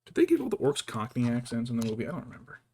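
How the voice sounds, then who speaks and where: A man's voice: mid-range voice, huge pitch swings, very fast, darkish tone, slight background noise. A man chatting casually as he paints miniatures, thinking aloud and muttering to himself. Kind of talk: casual chat while working.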